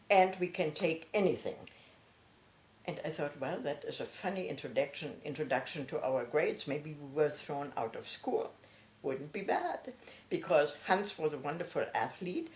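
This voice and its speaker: An older woman from Germany, recounting her own memories in a halting, reflective way with frequent pauses and fillers. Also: deep voice, darkish tone, reverberant, a little hiss or hum. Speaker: author and retired professor. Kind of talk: personal recollection.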